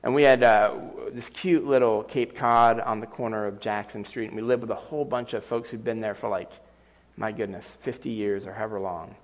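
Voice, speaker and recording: A middle-aged man preaching a sermon, telling a personal story with lively, animated delivery. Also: on the low side, fairly quick. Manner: animated storyteller acting out scenes. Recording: long reverb of a large hall.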